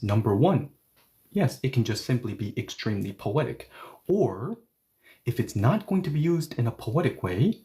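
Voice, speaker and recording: A male language teacher with a dark, mellow voice explains grammar in an emphatic way. He stresses points by repeating words and acting out short exchanges. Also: mid-range voice. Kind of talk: explanatory online lesson.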